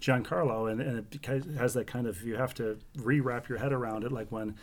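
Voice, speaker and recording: A man's voice: mid-range voice, a little fast. A man in casual chat who rambles with lots of fillers.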